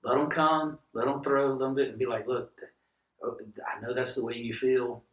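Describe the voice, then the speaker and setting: With a mid-range voice and a brisk pace, this middle-aged man, a guest pastor, narrates stories in a podcast chat and acts out the dialogue with energy. It's recorded on a distant mic with a roomy feel.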